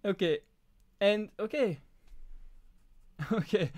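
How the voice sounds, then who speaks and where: French-accented man with a high voice. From France. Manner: halting, frequent restarts and fillers. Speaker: live stream host. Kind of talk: casual live Q&A chat.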